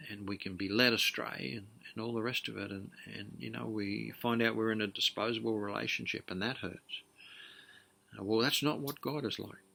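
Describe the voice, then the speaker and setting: A man's voice: fairly low pitch, gravelly, bright, forceful tone. A middle-aged man preaching a sermon in an earnest, conversational way, often restarting his sentences. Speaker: pastor.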